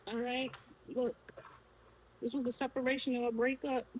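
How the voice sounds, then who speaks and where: A woman's voice: fairly high pitch, little pitch movement, moderate pace, a little hiss or hum, rough recording. A woman with a Brooklyn accent giving a casual tarot reading, talking straight to the viewer and asking the cards questions aloud. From Brooklyn, New York. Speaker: tarot reader.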